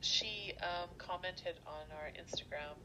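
A woman co-hosting a casual podcast, her voice a little lower than most. She laughs easily and fires off quick, teasing questions, with faint noise in the background. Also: sharp tone, poor audio. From Canada. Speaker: podcast co-host. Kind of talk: casual chat.

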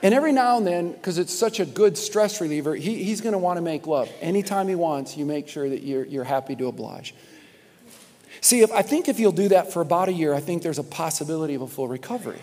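A man voicing a grave male doctor who speaks slowly and quietly, inside a sermon's story. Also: fairly high pitch, lively intonation. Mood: advising. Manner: slow, solemn and quiet. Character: grave, hushed male doctor giving bad news. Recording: long hall reverb.

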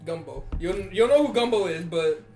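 Animated young co-host, sweary. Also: mid-range voice, moderate pace. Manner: animated storyteller, swears often, laughs a lot. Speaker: podcast co-host. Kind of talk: casual chat.

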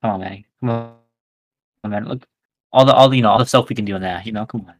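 A man's voice: lowish voice, fairly quick. A teenage boy co-hosting a school podcast in casual chat, rambling with many repeated restarts. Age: teens. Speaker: podcast co-host.

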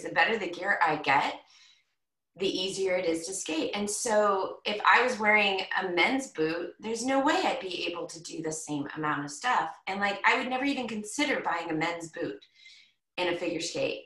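A woman hosting a podcast interview who talks in a chatty, animated way and fills her speech with "like.". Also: mid-range voice, recorded from a distance. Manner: chatty, animated storyteller with frequent "like". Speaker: podcast host. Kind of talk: casual conversational interview. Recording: roomy echo, set back from the mic.

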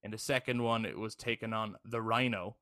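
A man's voice: on the low side, fairly even intonation, brisk, bright, forceful tone. Enthusiastic male podcast co-host. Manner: enthusiastic, swears casually, frequent "right?". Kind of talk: casual chat.

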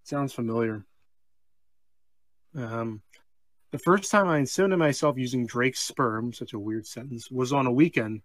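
A man co-hosting a comedy podcast, reading a strange story aloud, breaking off for deadpan asides and laughing mid-sentence. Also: mid-range voice, normal speed, pauses often, no room sound. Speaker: podcast co-host.

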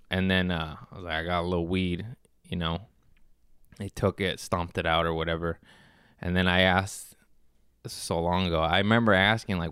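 A man's voice: sits low, steady tone, normal speed, pauses often, a bit bright, clean tone, dry recording, clean studio sound. A man in his thirties telling a rambling, profane story in a casual chat, laughing often and restarting his sentences. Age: 30s. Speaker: podcast host. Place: Los Angeles.

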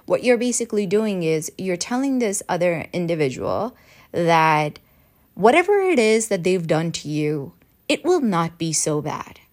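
A woman talking straight to her viewers and coaching them through advice tips, now and then acting out sample lines. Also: mid-range voice. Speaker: advice presenter. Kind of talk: direct-to-camera advice talk.

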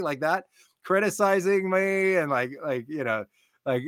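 A man, a podcast guest, telling a personal story in an animated, excitable way, peppering it with "like.". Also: a little high, unhurried, clean tone, dry recording, clean studio sound. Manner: excitable, repeats "like" often.

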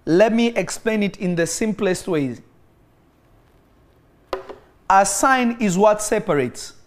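A man's voice: sits high, lively intonation, a little slow. A man preaching a sermon to an online audience. He tells a healing story and exhorts his listeners with emphatic, repeated phrases, at times breaking into praying in tongues.

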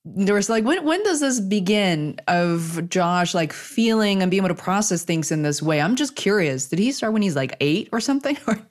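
A woman hosting a casual interview, effusive and quick to laugh, her voice jumping up with feeling. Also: medium pitch, lively intonation. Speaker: host.

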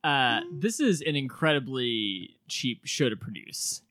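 A man's voice: medium pitch, very animated, unhurried, bright, forceful tone, no echo, clean studio sound. A man co-hosting a casual podcast, giving wry, matter-of-fact commentary. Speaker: podcast co-host. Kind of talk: casual chat.

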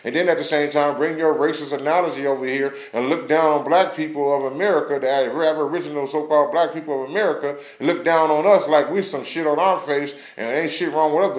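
A man's voice: a little high, echoey room. A man delivering a blunt, passionate rant full of profanity, as in a recorded vlog. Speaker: vlogger ranting on camera.

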